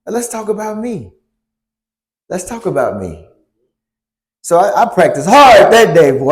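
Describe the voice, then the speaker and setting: A man telling a story to a church youth group, animated, stopping to ask the audience questions. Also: high-pitched, a little slow, long pauses. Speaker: youth speaker.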